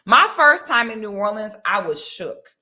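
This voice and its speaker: A woman's voice: mid-range voice, very animated, normal speed, sharp tone. A young woman, chatting casually and animatedly straight to her viewers. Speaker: vlogger talking to viewers. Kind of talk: casual chat to camera.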